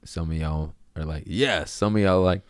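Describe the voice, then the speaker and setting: A man's voice: very deep voice, steady tone, brisk, darkish tone, clean tone, no room sound. A man hosting his own podcast, rambling crudely in a casual monologue and laughing at his own jokes. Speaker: podcast host.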